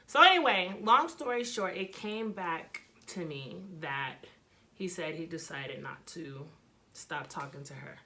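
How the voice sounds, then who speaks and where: A young woman vlogger telling a dramatic personal story, animated and full of profanity. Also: lowish voice, unhurried, slight background noise. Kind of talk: storytime vlog.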